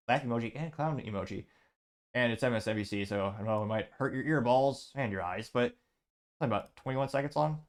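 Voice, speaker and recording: A man hosting a political commentary show, sarcastic and halting, stumbling over words and restarting. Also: medium pitch, expressive. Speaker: host.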